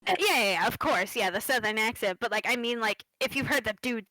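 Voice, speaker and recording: A woman's voice: fairly high pitch, expressive, brisk, pushed and bright, no echo, poor audio. A woman hosting a casual podcast interview, chatty and enthusiastic, laughing often. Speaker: podcast host.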